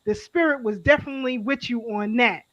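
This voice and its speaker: A woman's voice: fairly high pitch, a little fast, fairly bright tone, no echo, dull audio. A woman co-hosting a talk show, speaking emphatically and repeating herself for emphasis. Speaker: co-host. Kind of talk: casual chat.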